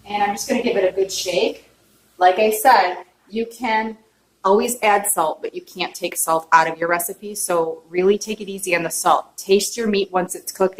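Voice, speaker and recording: Chatty woman in an echoey kitchen. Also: mid-range voice. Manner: chatty, checks in with viewers with "okay?"; openly emotional. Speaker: home cook. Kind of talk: casual cooking demonstration. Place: home kitchen. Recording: echoey kitchen, distant mic, faint noise.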